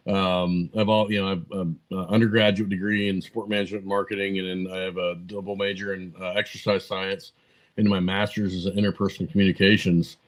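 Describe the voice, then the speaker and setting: A man in his forties with a low, fairly flat voice, talking as a podcast guest. He rambles through anecdotes, full of "uh" and "um", and acts out both sides of old conversations. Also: brisk, low-quality recording. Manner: rambling anecdotes full of fillers and quoted dialogue. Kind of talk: casual storytelling interview.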